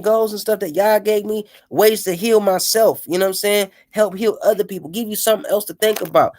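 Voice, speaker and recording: A man's voice: high-pitched, a little mellow. A man delivering an impassioned, profane rant with a preachy edge, often repeating "you know what I'm saying.".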